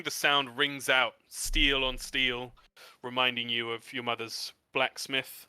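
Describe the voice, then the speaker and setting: A man's voice: medium pitch, level tone, slow pace, bright, forceful tone, clear, resonant tone, dry recording. A man narrating as game master of a tabletop role-playing game, describing scenes vividly and adding sound effects.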